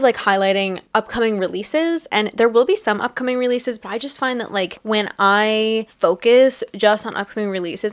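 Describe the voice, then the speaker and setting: A young woman chatting casually about her reading plans at home in her apartment, filling her talk with "like" and poking fun at herself. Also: medium pitch. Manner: chatty and self-deprecating, many "like" fillers. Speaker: book vlogger. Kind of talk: casual chat.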